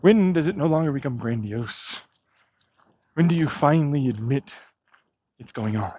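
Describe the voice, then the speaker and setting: A man's voice: a little high, expressive, normal speed, dark tone, slight background noise. A man vlogging outdoors while walking his dog, ranting in an agitated, profane way with bitter muttering. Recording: dull lo-fi dry sound.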